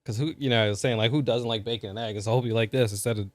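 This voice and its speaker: A man's voice: mid-range voice, steady tone, fast talker, no room sound. A man co-hosting a podcast, casually retelling a movie's plot with lots of fillers and chuckles. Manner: rambling with many fillers and laughs. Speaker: podcast co-host. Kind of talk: casual movie review chat.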